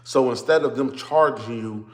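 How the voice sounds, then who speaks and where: A man's voice: mid-range voice, normal speed. A man, talking casually to viewers on a livestream from a phone on a stand, greeting them over and over and then ranting as he explains. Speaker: vlogger.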